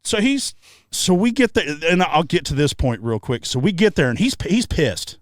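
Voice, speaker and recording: A man co-hosting a podcast, telling stories in casual chat, animated and profane, shouting out the lines he quotes. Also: a little high, normal speed, no echo, clean studio sound. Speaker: podcast co-host. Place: treehouse hangout.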